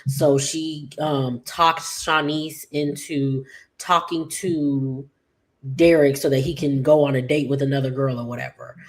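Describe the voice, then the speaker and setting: A woman giving a casual, rambling recap of an episode, with many fillers and quick paraphrased quotes. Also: a bass voice, steady tone. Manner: chatty, rambling, full of "like" and "just like". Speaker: soap opera recap vlogger.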